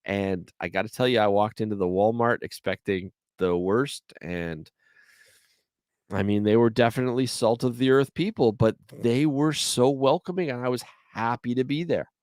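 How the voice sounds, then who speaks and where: Rambling Canadian man, low voice. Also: normal speed, dry recording. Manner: chatty, rambling storyteller. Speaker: podcast host. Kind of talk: solo podcast chat.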